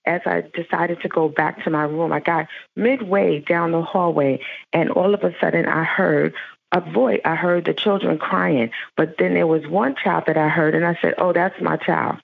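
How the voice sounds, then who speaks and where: Husky woman preaching over a phone line. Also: fairly low pitch, steady tone, normal speed, no room sound. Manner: earnest storytelling, fervent praying. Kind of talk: devotional sermon and prayer. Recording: tinny phone-like line, dry.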